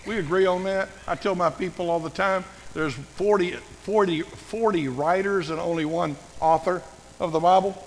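An older male pastor preaching a sermon with a high-pitched voice and a gravelly rasp. He tells folksy, humorous stories and animates them as he goes, and his voice carries a long reverb through a big hall. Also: moderate pace, a little hiss or hum.

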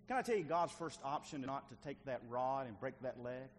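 A middle-aged male pastor preaching a sermon, swinging between loud and hushed delivery. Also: medium pitch, expressive, quick pace, few pauses, a little hiss or hum. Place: church sanctuary.

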